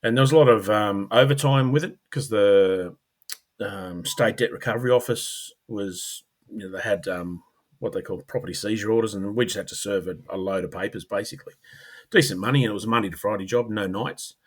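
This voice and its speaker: Low-voiced Australian man telling stories. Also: brisk. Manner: rambling, many fillers and restarts, clears throat often. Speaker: podcast guest, former police officer. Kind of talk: casual conversational storytelling.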